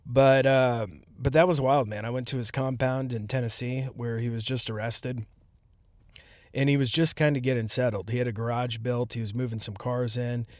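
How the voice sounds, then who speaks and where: A man's voice: mid-range voice, fairly even intonation, moderate pace, no room sound, clean studio sound. A man hosting a podcast, talking casually on his own in a rambling, jokey way that trails off and restarts. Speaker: podcast host. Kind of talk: casual solo commentary.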